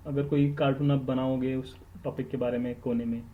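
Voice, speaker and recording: Heard in phone-quality sound, a medium-pitched man speaks very fast in a level tone. With an Indian accent, he offers study tips on an instructional podcast, earnest and emphatic, repeating words and dropping into Hindi.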